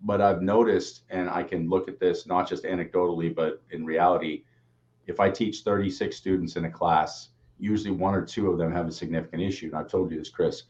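A man's voice: low voice, fairly even intonation, brisk, darkish tone. A man who co-hosts a casual talk show and works as a teacher, speaking earnestly and explaining his views. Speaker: co-host, teacher. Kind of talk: casual reflective chat. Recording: dull lo-fi sound.

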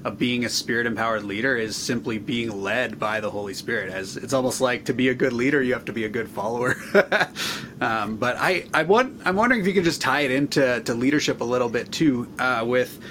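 A man hosting a faith podcast, encouraging his guest with affirmations and follow-up questions. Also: a little fast. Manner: warm, encouraging, lots of affirmations. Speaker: podcast host. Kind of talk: casual interview chat. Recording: audible background rumble.

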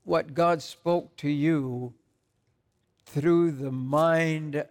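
A man hosting a church talk show as pastor, speaking emphatically and prophetically, with halting restarts. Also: a little high, fairly even intonation. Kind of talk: preaching in a talk show interview.

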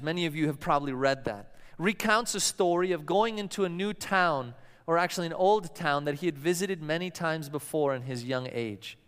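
A male pastor preaches in a high, clear, smooth voice, his words ringing out with a long reverb through a church hall. He tells stories and slips into the voices of the people he quotes. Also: fairly bright tone. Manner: storytelling preacher who acts out quoted voices. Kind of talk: sermon.

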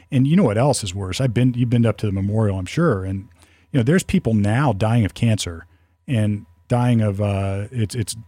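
A man's voice: on the low side, mellow, no room sound. A man chatting casually as a podcast co-host, rambling with many restarts and fillers. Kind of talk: casual conversational talk.

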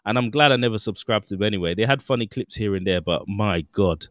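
A man's voice: on the low side, quick pace, dry recording, clean studio sound. A man, co-hosting a podcast and telling a story in casual chat with lots of fillers. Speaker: podcast co-host.

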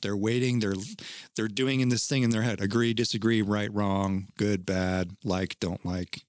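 A man's voice: lowish voice, fairly even intonation, moderate pace, smooth. A man hosting a casual podcast chat, talking in an earnest, teacherly way and swearing now and then. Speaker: podcast host.

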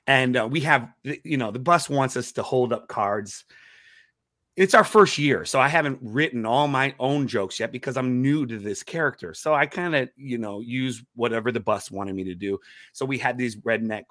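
A man in a casual interview, telling stand-up stories with lots of energy and laughter, often tripping over his first words before finding them. His voice sits at an ordinary middle pitch. The recording is dry and close, with no room echo. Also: normal speed. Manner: animated, laughs often, stammering restarts. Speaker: comedian guest.

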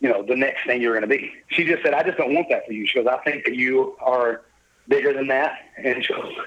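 A man's voice: mid-range voice, fairly quick, lo-fi sound, a little hiss or hum. A middle-aged man, telling his life story as a guest in a casual interview. He is upbeat and jovial and acts out the lines of the people he quotes. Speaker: podcast guest.

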